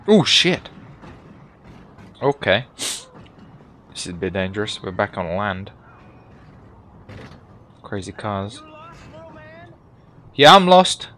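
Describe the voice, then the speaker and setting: Young man, gameplay commentary, lively swooping pitch, joking and excitable, swears a lot. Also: slow pace, long pauses, slight background noise. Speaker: gaming YouTuber.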